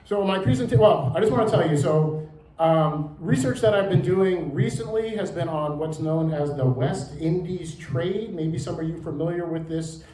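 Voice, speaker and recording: A man's voice: on the high side, normal speed, warm tone. Jokey man lecturing in a roomy hall. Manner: jokey, chatty with the audience. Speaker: museum director and historian giving a talk. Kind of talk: public lecture. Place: lecture room with audience. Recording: roomy hall with faint ambience.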